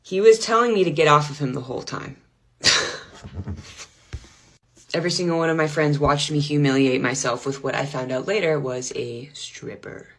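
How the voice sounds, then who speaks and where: A woman telling a comedic personal story in an animated, self-deprecating way, with laughs between lines. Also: low-pitched, moderate pace, long pauses. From United States.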